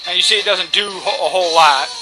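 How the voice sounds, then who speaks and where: A man's voice: sits high, fast talker, rough recording. A man giving casual, cocky, joking commentary while playing a video game, swearing freely. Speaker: let's play commentator. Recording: game music behind.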